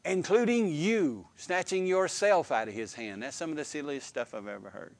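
A man preaching a sermon, emphatic and animated, with repeated phrases and questions to the congregation. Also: fairly high pitch, normal speed, few pauses, no echo.

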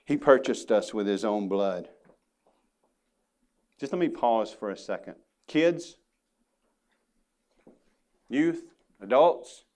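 A man's voice: mid-range voice, darkish tone. Male pastor, earnest emphatic sermon delivery with folksy asides. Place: church sanctuary.

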